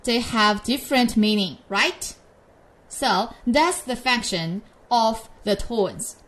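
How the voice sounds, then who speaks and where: A Chinese teacher gives a pinyin lesson in English, her voice fairly high and a little bright, with lively intonation. She models each syllable slowly and patiently, drawing it out so learners can repeat after her.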